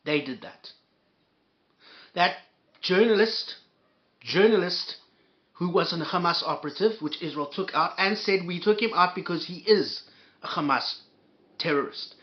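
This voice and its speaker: A man's voice: a little high, normal speed. Profane ranting man, dull lo-fi sound. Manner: sarcastic, insulting, repeats and restarts. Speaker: commentator reacting to a clip.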